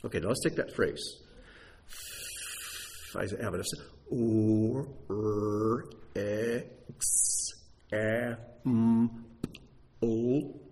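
A man preaching a sermon, explaining Hebrew words with an animated teaching manner. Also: medium pitch.

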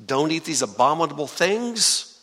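A man's voice: fairly high pitch, moderate pace. A man preaching a sermon, teaching from scripture and asking his listeners questions as he goes. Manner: lively, asks the congregation questions. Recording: long hall reverb.

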